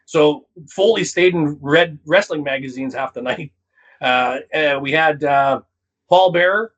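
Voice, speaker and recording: Husky-voiced animated storytelling man. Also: unhurried, dull audio. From Canada. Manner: animated storyteller, acts out quotes in a higher voice. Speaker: comedian guest. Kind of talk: casual storytelling interview.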